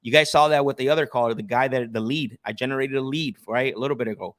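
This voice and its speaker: A man's voice: medium pitch, fast talker, a bit bright, dry recording, studio quality. A man coaching sales on a live stream, making cold calls and explaining them in an assertive teaching tone, often restarting his sentences.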